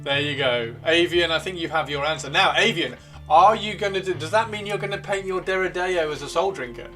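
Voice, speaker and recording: A man's voice: fairly high pitch, fairly quick, bright, forceful tone. Man, livestream host, chatty, playful, swears, repeats himself, light music underneath. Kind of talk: casual livestream chat, reading out viewer comments.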